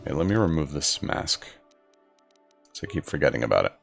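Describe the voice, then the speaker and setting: A man giving relaxed, joking commentary while playing a video game. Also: a bass voice, fairly quick, creaky. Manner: relaxed, joking asides, mumbled. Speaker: gaming channel host. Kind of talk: casual gameplay commentary. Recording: commentary over faint game music.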